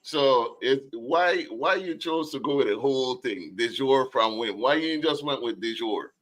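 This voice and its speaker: A man's voice: medium pitch, animated, a little slow, a bit bright. A man hosting a live stream interview in casual, joking chat, wearing headphones. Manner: loose, joking, talks over troubles with his setup. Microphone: headset with headphones.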